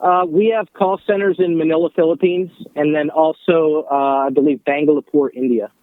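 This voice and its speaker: A man calling in to a podcast, answering questions in a relaxed, matter-of-fact way. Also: a little high, normal speed, dry recording. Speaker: caller, company insider. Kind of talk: phone interview. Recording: tinny phone line.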